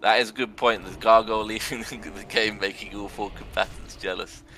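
Young man, game commentary, sarcastic and excitable, bright forceful tone. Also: lowish voice, fairly quick, a little hiss or hum. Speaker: arena commentator.

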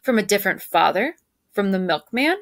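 A woman's voice: mid-range voice, very animated, normal speed, dry recording. Storybook officer, harsh and scornful, barks commands, dry close sound, read by a woman. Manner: barking, scornful. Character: harsh stern adult male Nazi officer.

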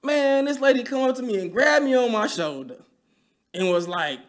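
A man in his thirties, a podcast guest, telling a story in a casual, animated way, full of slang and profanity. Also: very high voice, moderate pace. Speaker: podcast guest, real estate investor.

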